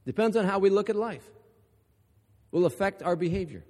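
Guy preaching, really high voice, pounds home his points, big hall echo ringing long. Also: expressive, normal speed. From Ohio. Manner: emphatic, builds to forceful repetition. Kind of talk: sermon.

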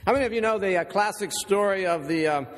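A man with a high voice preaches a sermon in a church. He reads scripture, then turns to casual stories and asides to the congregation. His voice rings with the long reverb of a large hall. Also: fast. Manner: storytelling, conversational asides to the congregation. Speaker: pastor.

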